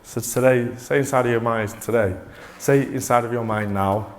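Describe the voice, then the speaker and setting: A man presenting a motivational talk to a live audience, energetic and coaxing, often restarting mid-sentence. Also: medium pitch, moderate pace. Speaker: corporate presenter.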